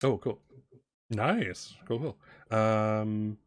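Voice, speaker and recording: Low-voiced man running a tabletop game. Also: dry recording, studio quality. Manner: halting, many fillers and restarts. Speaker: game master.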